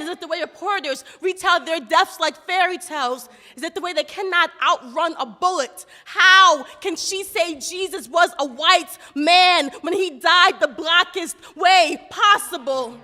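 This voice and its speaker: A woman's voice: very high voice, bright, forceful tone, long reverb tail. Impassioned woman reciting spoken word poetry. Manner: rhythmic, impassioned, rhetorical questions.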